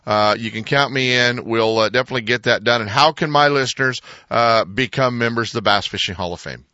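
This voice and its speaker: Bright-voiced man hosting a radio show. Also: medium pitch, fairly quick, no room sound, highs cut off. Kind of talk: casual radio interview.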